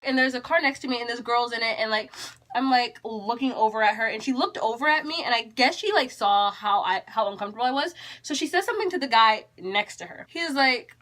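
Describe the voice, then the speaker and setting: A teenage girl from Texas telling a storytime vlog in an animated, chatty, exasperated way. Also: a little high, fairly quick. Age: teens. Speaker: YouTuber.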